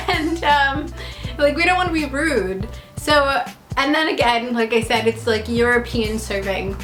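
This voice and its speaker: A woman's voice: a little high, moderate pace, fairly bright tone. A young woman telling travel stories in a chatty, rambling way, full of fillers and laughter. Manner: chatty, rambling, heavy use of "like", laughs often. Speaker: vlogger and actor. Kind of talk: casual storytelling vlog. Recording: echoey room with faint music.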